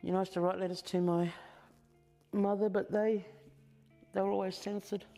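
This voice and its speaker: An older Australian woman quietly recalling her past in a documentary interview, halting and reflective. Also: mid-range voice, level tone, creaky, faint music behind.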